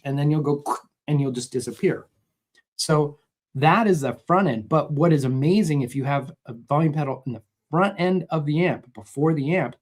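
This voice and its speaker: Middle-aged guy doing a chill guitar livestream, reads comments and explains stuff, restarts his sentences a lot. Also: mid-range voice. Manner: relaxed and explanatory, with many restarts. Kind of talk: casual live chat answering viewer comments.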